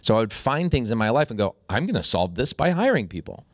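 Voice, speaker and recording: A man in his forties, a podcast guest, telling a story with animated energy and a voice that jumps up when excited. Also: medium pitch, fast, dry recording, clean studio sound.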